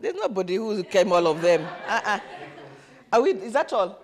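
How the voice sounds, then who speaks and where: Coaching a summit session in a conference room, a woman with a medium-pitched voice talks at normal speed. The event is lively: she's animated, gets listeners to repeat words back, and counts the attendees.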